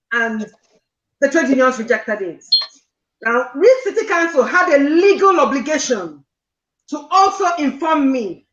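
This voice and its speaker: A woman's voice: high-pitched, a bit bright, roomy sound, highs cut off. A woman caller on a live call-in show, earnestly recounting a distressing personal dispute and sometimes near tears. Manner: distressed, earnest, repeats points insistently.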